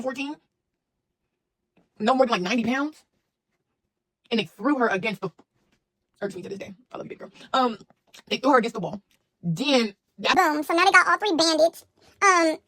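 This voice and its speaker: A young woman telling a story in a casual, animated, slangy way, full of fillers and asides to the viewer. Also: high voice, no echo.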